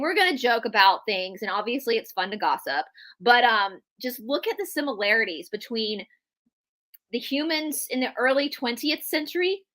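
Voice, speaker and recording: A woman's voice: on the high side, bright, forceful tone. A woman with a Southern US accent, a guest historian giving her opinions in a chatty, casual livestream conversation. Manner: opinionated, chatty, restarts often.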